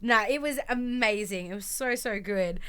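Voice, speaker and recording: A woman's voice: a little high, moderate pace, bright, forceful tone, smooth. A woman co-hosting a podcast, recapping events in casual chat and acting out quotes in exaggerated voices. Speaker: podcast co-host.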